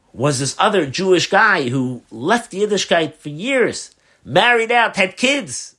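Animated rabbi telling a story. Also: male voice, high-pitched, slow, slightly rough. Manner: animated, acts out the dialogue; loose, with fillers. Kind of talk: storytelling lecture.

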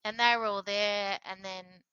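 A woman telling her own story in a candid, animated interview, often laughing and acting out what others said. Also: mid-range voice, unhurried, clean tone, no room sound, muffled recording. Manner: animated, acts out quoted voices, laughs often. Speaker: interview guest sharing her transplant story.

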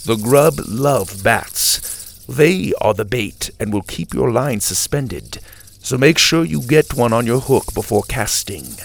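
A man voicing a hearty, round man who calmly teaches fishing, in a storybook reading. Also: medium pitch, takes it slowly, vocal fry, a little hiss or hum, heavily acted. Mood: instructive. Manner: steady instructive. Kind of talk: storybook read-aloud.

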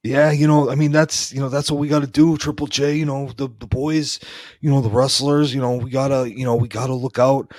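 Man, rambling deadpan storyteller, constant filler words, dry close recording. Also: mid-range voice, fairly quick, no room sound. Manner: rambling, heavy with fillers and restarts. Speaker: former wrestling referee telling stories.

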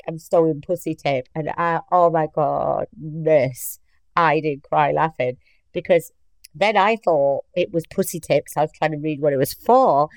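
Podcast host: woman, low voice, dry close mic, chatty anecdotal delivery. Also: no echo, low-quality recording. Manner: chatty, laughs through her own stories, quotes coworkers. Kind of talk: casual storytelling monologue.

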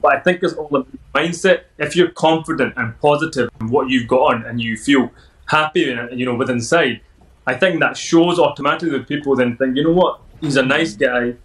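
A man's voice: mid-range voice, brisk, fairly bright tone, rough recording. Scottish male guest, 30s, upbeat anecdotal storyteller, easy mid-range voice. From Scotland. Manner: upbeat, anecdotal, laughs often. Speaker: podcast guest. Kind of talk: casual interview storytelling.

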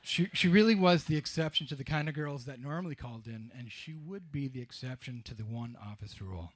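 A man's voice: medium pitch, brisk, slight background noise. A man telling a personal story to a live audience in a wry, confessional way with dry humor.

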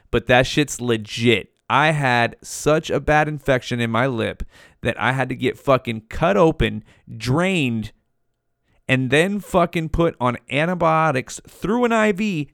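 A man's voice: medium pitch, lively intonation, a little slow, creaky, fairly bright tone, no room sound, studio quality. A man in his forties telling a story from his youth in a laid-back, casual way, swearing a lot and saying "dude" often.

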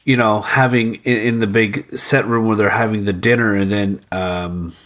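A man in a casual film discussion who speaks hesitantly, with many pauses and ums. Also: on the low side, fairly even intonation, fairly bright tone. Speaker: podcast co-host.

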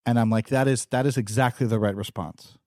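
A man co-hosting a podcast in casual discussion, reading quotes aloud and reacting to them with animated conviction. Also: mid-range voice, fairly quick, no room sound, studio quality. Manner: animated, reads quotes aloud and talks back. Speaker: podcast co-host.

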